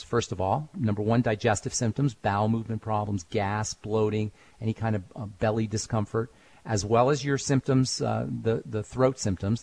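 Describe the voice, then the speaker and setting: A man hosting a call-in radio show as a pharmacist, giving advice briskly and cutting in to keep callers on track. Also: lowish voice, creaky, darkish tone, breathy edge. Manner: brisk, interrupts to steer callers.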